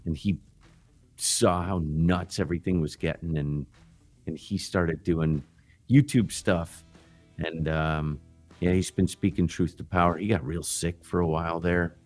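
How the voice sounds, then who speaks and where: A deep-voiced man hosts a casual livestream chat, rambling, restarting sentences and dropping curses along the way. Faint music plays behind him. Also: steady tone, unhurried. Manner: rambling, loose and profane, restarts often. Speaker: livestream host. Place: backyard grill gazebo.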